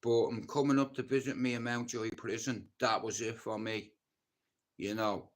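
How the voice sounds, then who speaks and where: A man's voice: mid-range voice, level tone, moderate pace. A man with a Dublin Irish accent telling his own story on a livestream, blunt and intense, swearing often. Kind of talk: casual storytelling monologue.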